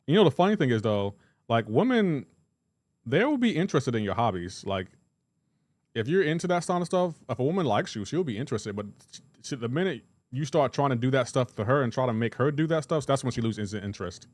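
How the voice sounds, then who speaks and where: A male game streamer talks casually on a livestream, rambling through jokes and calling out chat viewers by name. His voice sits at an ordinary middle pitch. The recording is dry and close, with no room echo. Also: big pitch swings, a little fast, a little mellow.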